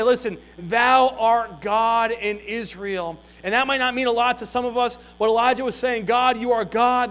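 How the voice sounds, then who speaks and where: A man with a rather high voice preaches, moving between scripture reading and a folksy, animated retelling full of casual asides. He talks like a pastor working through a story for his congregation. A low mains hum runs underneath the recording. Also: low-quality recording. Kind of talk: sermon.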